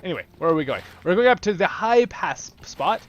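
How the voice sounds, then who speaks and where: A man's voice: high-pitched, big pitch swings, fairly quick, fairly bright tone. A man hosting a gaming channel, chatting enthusiastically and rambling while he plays. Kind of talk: casual gameplay commentary.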